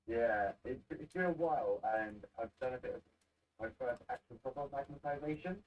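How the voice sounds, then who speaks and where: Male guest, low voice, halting manner, muffled far-off call audio. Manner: hesitant, halting speech. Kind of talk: casual chat on a video call.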